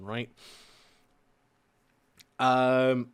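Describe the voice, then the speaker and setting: A man's voice: mid-range voice, normal speed, fairly bright tone. Rambling man chatting on stream. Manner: rambling, heavy on fillers, swears casually. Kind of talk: casual stream chat.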